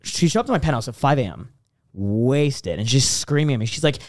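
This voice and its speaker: A man's voice: fairly high pitch, fairly quick, no echo. A young man chatting casually on a podcast, telling stories and acting out quotes with lots of filler words. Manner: animated storytelling, acting out quotes. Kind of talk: casual chat.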